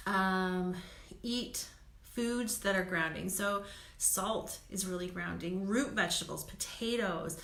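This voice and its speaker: Bright-voiced woman giving chatty card readings. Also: medium pitch, reverberant. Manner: chatty, laughs often, says "okay?" a lot. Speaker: intuitive card reader. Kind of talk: live-stream card readings.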